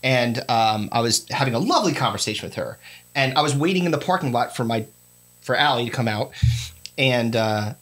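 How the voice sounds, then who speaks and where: A man in his forties hosting a casual interview, telling stories in an animated, joking way. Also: mid-range voice, brisk. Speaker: podcast host.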